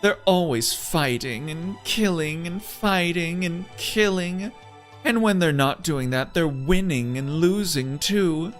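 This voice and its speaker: Guy doing a sultry sweet game lady, slow and coaxing, pitch all over the place. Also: expressive, fairly bright tone, faint music behind. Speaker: streamer reading game dialogue aloud. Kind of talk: voiced game playthrough.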